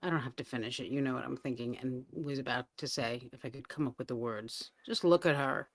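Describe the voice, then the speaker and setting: A woman's voice: extremely low pitch, fairly quick, no room sound. Woman, commentary host, exasperated, trails off, dry close sound. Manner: exasperated, trails off searching for words. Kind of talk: video commentary.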